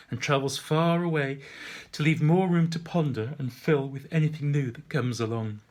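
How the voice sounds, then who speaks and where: A middle-aged man reading his own story aloud with dry, wry humour. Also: medium pitch. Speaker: author reading his book. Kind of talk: storytelling narration.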